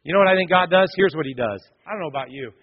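Husky high-voiced preacher, dull lo-fi sound. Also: male voice, expressive, rapid-fire. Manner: storytelling, joking asides to the congregation. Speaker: pastor. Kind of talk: sermon.

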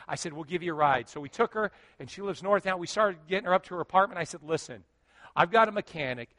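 A middle-aged man preaches as a pastor, spinning a story with jokes and acted-out quotes. His voice sits high for a man and has a bright, forceful edge. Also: fast talker. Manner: animated, joking, acts out quotes. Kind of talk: sermon storytelling.

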